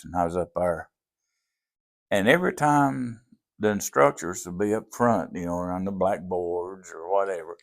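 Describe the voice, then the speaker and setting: An older Southern preacher with an Appalachian accent tells stories in a folksy drawl. His voice sits low and has a gravelly edge. He acts out the people in his stories as he goes. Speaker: pastor. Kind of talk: storytelling in a podcast interview.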